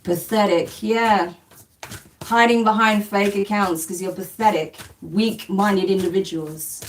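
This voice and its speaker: A woman with a medium-pitched voice and fairly even intonation hosts a spiritual live stream at a measured pace, reading out comments casually. She comes across as blunt and dismissive, swears and laughs often, and is recorded on a distant mic with faint background noise.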